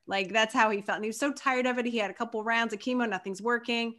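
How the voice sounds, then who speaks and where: Affirming woman host, slightly high. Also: steady tone, fast. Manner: warm-hearted, affirming, enthusiastic. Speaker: podcast host, former nurse. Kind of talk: supportive interview conversation.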